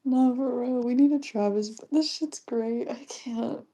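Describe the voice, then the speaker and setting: A young woman livestreaming in a casual chat, reading comments aloud, often giggling and keeping her voice hushed. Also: on the high side, a little slow, slightly rough.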